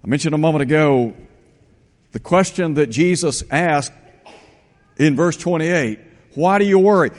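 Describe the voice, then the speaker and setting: A man delivers a sermon in a somewhat high voice, walking through scripture passages one by one. He slows down to weigh each quoted verse. His voice carries a long reverb, as in a big hall. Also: lively intonation. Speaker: preacher.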